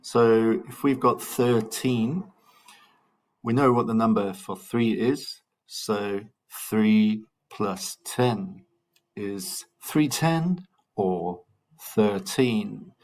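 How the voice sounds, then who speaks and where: Slow, patient man teaching German. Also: fairly low pitch, a little mellow. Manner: slow, patient drilling with repeated counting; cheerful, encouraging asides to pupils. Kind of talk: recorded language lesson for children.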